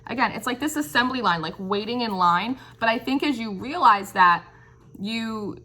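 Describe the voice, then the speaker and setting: This tarot reader's voice sits on the high side, bright and forceful, at a normal pace. Giving an intuitive reading, she ponders, searches for phrasing, often tosses in "right?", and keeps her tone supportive and encouraging.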